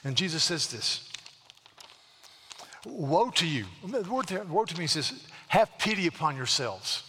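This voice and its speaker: A middle-aged male pastor with a bright, forceful, fairly high voice preaches an earnest sermon. He slows down on key lines and doubles his words as he goes. Long reverb from the church hall trails after each phrase. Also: very animated, slight background noise. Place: church sanctuary.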